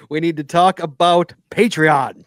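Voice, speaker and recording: A man's voice: a little high, fairly even intonation, takes it slowly, no echo, studio quality. A man hosting a live call-in podcast, playful and teasing, with announcer-like reads. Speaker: podcast host.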